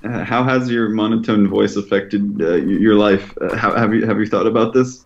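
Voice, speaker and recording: A man's voice: lowish voice, fairly even intonation, moderate pace. A man co-hosting a podcast in casual chat, hesitant and stammering, with many "uh"s. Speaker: podcast co-host. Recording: dull lo-fi mic.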